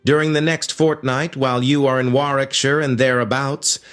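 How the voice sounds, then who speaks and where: A man narrator plays a gentle, fussy old bachelor banker for a storybook reading, lifting his voice a little higher. He speaks with fond, courtly old-fashioned manners. Soft music sits behind him. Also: flat delivery, moderate pace, lightly acted. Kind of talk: audiobook character voice.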